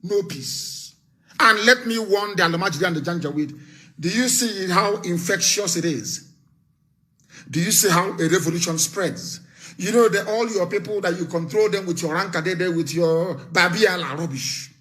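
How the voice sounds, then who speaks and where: Brief: middle-aged Nigerian man, high-pitched and bright, fiery live broadcaster who hammers warnings and bursts into shouts. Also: normal speed. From southeastern Nigeria. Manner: threatening, repetitive, lecturing, with sudden shouts.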